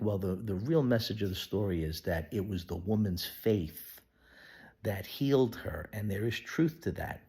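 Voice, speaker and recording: A man giving an earnest devotional Bible teaching, sometimes dropping to a hushed whisper. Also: lowish voice, husky. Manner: acts out quoted voices of people in the story. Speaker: pastor.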